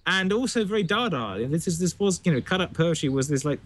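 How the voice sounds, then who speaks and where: A man talking on a casual tech panel, with a fairly high voice that rises and falls with lively swings. He explains things with frequent restarts. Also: fast talker. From United Kingdom. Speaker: tech podcast guest.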